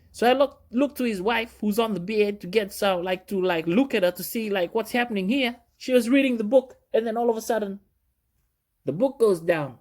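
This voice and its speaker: A man's voice: high-pitched, normal speed. A man who works in cruise ship security, telling stories in a casual, rambling monologue full of fillers.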